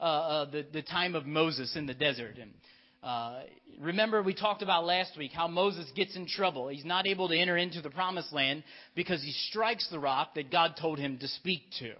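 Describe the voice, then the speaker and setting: Male pastor, fairly high voice, lively storytelling sermon, dull lo-fi church audio. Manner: lively, storytelling, directs children in a skit.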